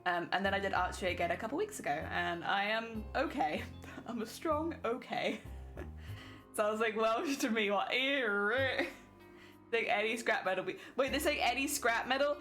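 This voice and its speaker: A woman's voice: fairly high pitch, moderate pace, fairly bright tone, faint music behind. A young woman streaming, chatting casually and laughing often while she reads chat.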